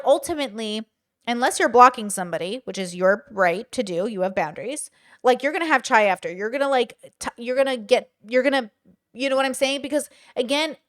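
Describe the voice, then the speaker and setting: A woman commentator speaks in quick, slightly high, casual talk. She grows louder and more opinionated when a subject excites her. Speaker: online commentator.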